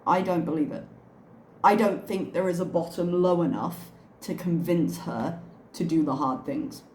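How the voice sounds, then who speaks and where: A woman's voice: fairly low pitch, normal speed, darkish tone, slight background noise. Sarcastic woman in a roomy echo. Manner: sarcastic, disbelieving. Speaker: reaction channel host. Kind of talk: sarcastic reaction commentary.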